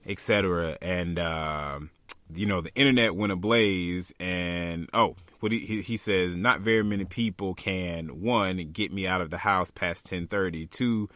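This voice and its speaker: A man's voice: deep voice, measured pace, bright, forceful tone, dry recording. A young man co-hosting a podcast in casual chat, laid-back and jokey, laughing often. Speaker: podcast co-host.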